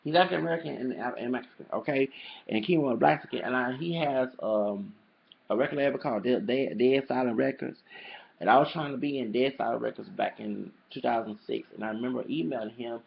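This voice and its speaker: A man's voice: medium pitch, fairly quick, gravelly. A man talking casually to camera in a rambling, emphatic monologue, often repeating his phrases. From El Paso, Texas. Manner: rambling, emphatic, repeats "you know what I'm saying". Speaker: vlogger. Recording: dull lo-fi home video audio.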